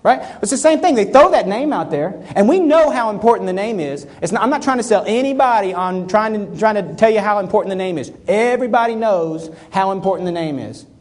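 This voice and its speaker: A man's voice: high voice, animated, fairly quick, hardly any pauses. A man giving a keynote talk on stage to a live audience, acting out little scenes in quoted voices. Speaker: keynote speaker.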